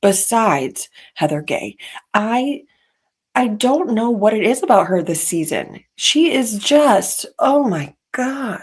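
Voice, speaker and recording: A woman's voice: medium pitch, sing-song, slow pace, husky. A woman hosting a podcast, chatting in a casual, opinionated way and dropping petty asides. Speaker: podcast host. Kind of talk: casual reality-TV gossip commentary. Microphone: podcast mic.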